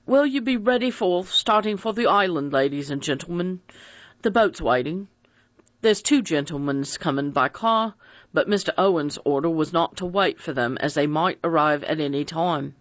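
A reader voicing a weather-beaten boatman with a soft Devon accent, speaking politely and persuasively. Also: mid-range voice, animated, moderate pace, no room sound, highs cut off, close to an everyday voice.

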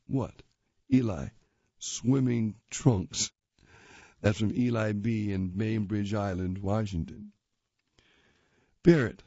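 Low, mellow man reading jokes at an unhurried pace with chuckles; dry, dull lo-fi recording. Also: husky, no room sound. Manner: chuckles at the jokes, casual asides. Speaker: reader of readers' jokes.

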